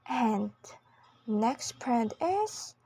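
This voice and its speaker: A woman giving a scripted pronunciation lesson, speaking slowly and carefully, often half-whispered. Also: a little high, sing-song, dark tone, slightly rough, no room sound. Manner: slow, careful enunciation with long pauses. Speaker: pronunciation teacher.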